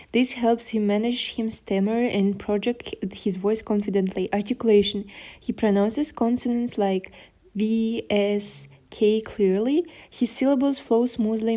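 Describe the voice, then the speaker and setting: Woman reading her class presentation, mellow tone, slow with a few restarts. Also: a little high. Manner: reads slowly from notes, occasional restarts. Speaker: student presenter.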